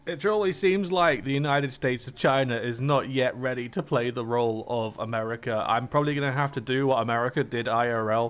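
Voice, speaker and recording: A young man talks through a strategy game in a loose, chatty way, drifting between asides and quips and laughing at his own jokes. His voice sits at a middling, everyday pitch. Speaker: gaming channel host. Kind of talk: casual strategy game commentary.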